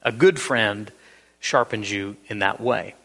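Gravelly bright-voiced male preacher. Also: fairly low pitch, takes it slowly, in a large hall. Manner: earnest, storytelling, emphatic with repeats. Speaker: pastor. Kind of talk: sermon.

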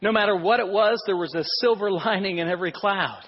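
A pastor preaching a sermon in a conversational, storytelling way with rhetorical questions. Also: male voice, high voice, brisk, husky. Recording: muffled sound in a reverberant hall.

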